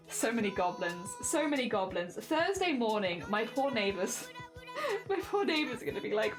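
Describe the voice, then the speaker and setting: Woman streamer, high-pitched voice, chatty and self-deprecating, faint music underneath. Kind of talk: casual live-stream chat.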